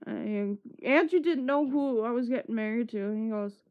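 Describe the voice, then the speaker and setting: A woman's voice: a little high, normal speed, few pauses, clean tone. A woman streamer chatting casually, telling a long story with swearing and laughter. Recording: muffled lo-fi stream audio.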